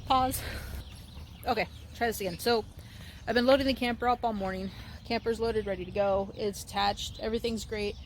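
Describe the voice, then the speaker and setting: A woman's voice: medium pitch, steady tone, a little fast, slight background noise. A young woman vlogging in a casual, rambling way, anxious and restarting her sentences often. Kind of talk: casual vlog monologue. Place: at home, indoors and by the car outside.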